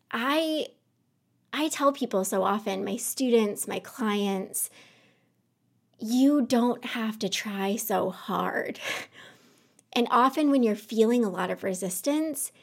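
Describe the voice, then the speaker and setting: Speaking in a fairly high voice, a podcast host records an unplanned personal monologue at home in her office. The emotion is close to the surface, nearly bringing her to tears, as she rambles slightly in an earnest, self-reflective way.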